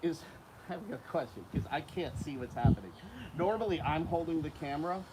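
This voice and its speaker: A man with a fairly high-pitched voice talks fairly quickly as he hosts a casual outdoor vlog, animatedly coaxing and calling to alligators while feeding them in a windy spot. He's an alligator keeper and the channel's host, and the recording is noisy.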